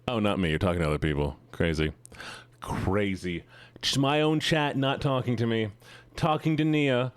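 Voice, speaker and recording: A man's voice: sits low, fairly quick, smooth, no room sound. A man streaming live, chatting casually and teasing his chat with playful mock-villain boasts.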